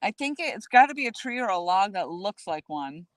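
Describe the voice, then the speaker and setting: A woman's voice: mid-range voice, sing-song, a little fast, no room sound. A woman vlogger chatting casually to her live-stream viewers while paddling a kayak outdoors on a lake, speaking into a handheld phone. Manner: chatty, talks straight to viewers. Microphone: handheld phone camera.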